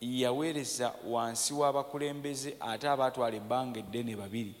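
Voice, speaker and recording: A man preaching a sermon in short bursts, pausing between phrases so that an interpreter can translate. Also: mid-range voice, steady tone, big-room sound.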